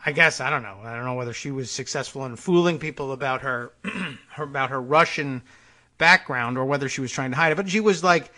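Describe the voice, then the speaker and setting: A man's voice: mid-range voice, a little fast, bright, forceful tone. A man hosting a political talk show who rambles through sardonic, digressive commentary with many asides and filler words. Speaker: podcast host.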